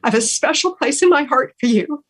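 A woman's voice: sits high, expressive, fairly quick. A woman hosting a radio talk show, thanking her team in an earnest, gushing way with many restarts. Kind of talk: heartfelt on-air thank-yous.

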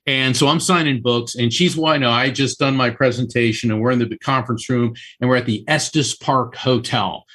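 A man who is a psychic medium and author, telling a personal story as a guest on a radio interview, animated and full of restarts. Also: mid-range voice, moderate pace, hardly any pauses.

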